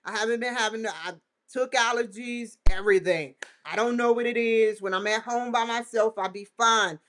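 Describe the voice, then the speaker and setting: A woman's voice: fairly high pitch, moderate pace, a bit bright. Rambling, laughing woman vlogger. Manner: rambling, laughs often, acts out dialogue in quotes. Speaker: vlog host. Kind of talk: casual chat to camera.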